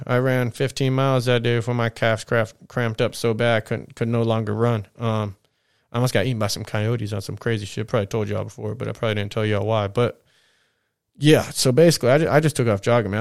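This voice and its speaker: A man's voice: mid-range voice, a little mellow, smooth, no room sound, studio quality. A young man telling a personal story in a rambling, profane, fired-up way, as a podcast host. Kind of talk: casual storytelling monologue.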